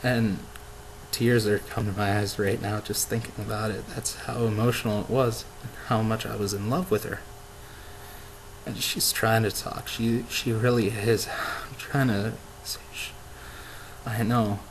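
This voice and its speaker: A young man vlogging, telling a story emotionally with halting restarts and repeated words. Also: fairly low pitch, flat delivery, a little hiss or hum, low-quality recording. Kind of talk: casual vlog monologue.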